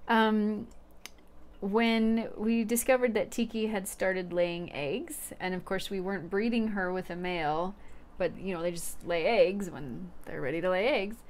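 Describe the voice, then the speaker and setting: A woman's voice: mid-range voice, moderate pace. Woman, forties, chatty, teasing, casual livestream co-host.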